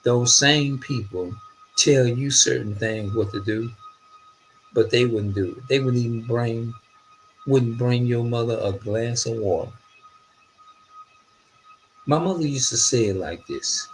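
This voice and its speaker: A man's voice: medium pitch, measured pace, long pauses, a little hiss or hum, poor audio. A middle-aged man tells a rambling, profane story in a casual monologue. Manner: animated, profane, loosely phrased storytelling.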